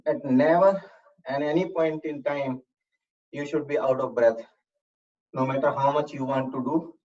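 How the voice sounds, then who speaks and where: Slow-spoken fitness instructor, heard from afar. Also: medium pitch. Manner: calm, measured coaching with breathing reminders. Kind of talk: guided workout instruction with counted reps. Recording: distant, slightly dull room recording.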